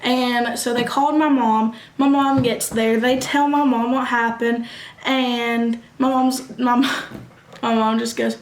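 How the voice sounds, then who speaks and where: A young woman, telling a casual storytime vlog, animated and quick, acting out what others said. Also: on the high side. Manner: animated, quick bursts, acts out quoted voices. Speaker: vlogger. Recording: echoey room.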